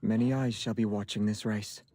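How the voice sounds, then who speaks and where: A man's voice: fairly low pitch, fairly even intonation, moderate pace, warm tone, lightly acted. A man voicing an aloof British nobleman. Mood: cool, formal. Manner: stiff archaic courtly phrasing. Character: aloof formal young nobleman, cool and distant. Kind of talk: game voice acting.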